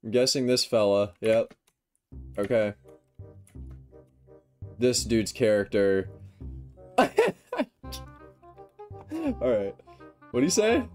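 A young man giving excitable, self-mocking commentary while playing a game, with yelps when he fails. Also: lowish voice, slow pace, pauses often. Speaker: gaming YouTuber. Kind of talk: casual gameplay commentary. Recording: faint music behind.

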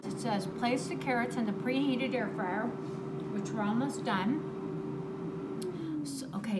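Woman, home cook vlogger, higher voice, chatty thinking-aloud, loud noise under the track. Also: moderate pace, pauses often, reverberant. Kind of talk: casual kitchen vlog talk. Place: home kitchen.

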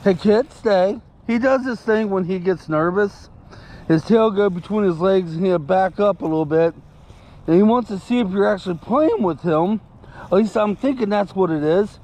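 A man's voice: high voice, normal speed, a little mellow. A man telling a story casually to camera, indignant and rambling, breaking off to give commands to his puppy. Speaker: vlogger.

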